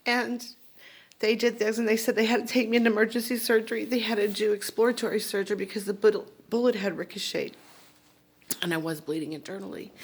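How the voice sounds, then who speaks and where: A woman tells her own story in a candid, confessional way. Her voice sits at an ordinary pitch for a woman. She turns emotional and tearful as she goes on. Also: fairly even intonation, quick pace, husky. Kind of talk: personal storytelling.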